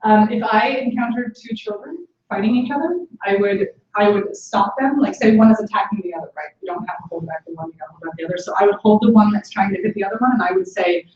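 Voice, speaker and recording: A young woman speaker answering audience questions, animated, acting out quoted voices. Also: mid-range voice, quick pace, hardly any pauses. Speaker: conference speaker. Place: large echoey conference hall. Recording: echoey hall, distant, dull lo-fi.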